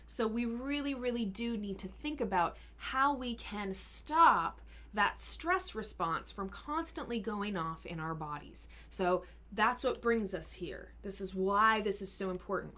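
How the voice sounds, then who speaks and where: A woman health coach talks viewers through a live question-and-answer session. Her voice sits in a plain middle range, and her delivery is earnest and encouraging as she walks through each point. At times she slows right down and speaks softly to show what calm talk sounds like. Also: mid-range voice. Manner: earnest and encouraging, explains step by step; sometimes drops to a slow, soft voice to model calm speaking.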